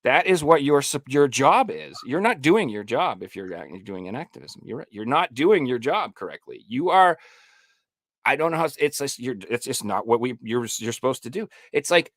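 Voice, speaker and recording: Animated, ranting male podcast host. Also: mid-range voice, normal speed, no echo. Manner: animated, profane, mocking voices in quotes. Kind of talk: heated casual podcast rant.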